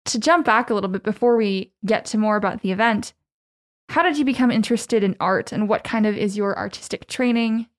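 A woman hosting an arts interview podcast, reading a clear scripted intro and then asking questions in a measured way. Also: medium pitch.

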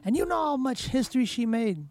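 A man's voice: extremely high pitch, very animated, brisk, creaky, darkish tone. A man hosting a casual podcast, giving opinionated commentary with passion and emphatic repetition. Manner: passionate, emphatic, repeats words for stress.

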